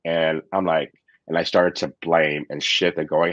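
A man with a very low voice talks candidly and thoughtfully, circling back with fillers and restarts. The sound is dry, with no room echo. It comes over a dull, lo-fi remote call. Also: level tone, measured pace, fairly bright tone. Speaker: podcast host and coach. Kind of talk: reflective conversational chat. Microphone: remote call microphone.

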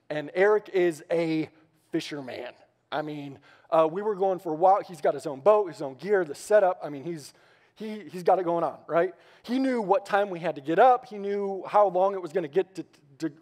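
A man preaching a sermon to a congregation, telling a story in an animated, playful way with asides to the crowd. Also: high voice. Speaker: pastor. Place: church sanctuary before a congregation.

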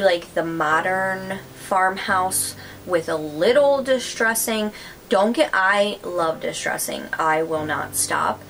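A woman's voice: medium pitch, fairly bright tone, a little hiss or hum, poor audio. A woman chatting casually to her viewers about craft and decor finds, gushing with lots of fillers. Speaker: craft vlogger. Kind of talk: casual haul chat to camera.

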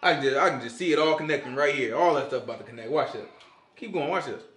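A man's voice: medium pitch, fast, a bit bright, reverberant. A man leading an informal Bible study, quizzing his listeners and joking as he teaches.

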